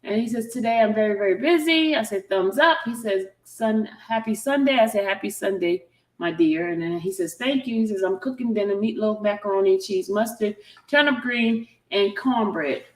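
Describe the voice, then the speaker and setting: A woman's voice: medium pitch, normal speed. A woman hosting a casual chat, reading out a text exchange and often breaking off with "hold on". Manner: chatty, animated, keeps breaking off with "hold on". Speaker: commentary channel host. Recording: roomy echo.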